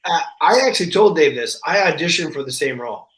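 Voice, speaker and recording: A man talking as a podcast guest in casual chat, telling stories in an animated way and acting out the voices of the people in them. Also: fairly high pitch, fast. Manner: animated storyteller, acts out quoted voices. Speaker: guest actor. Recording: roomy echo.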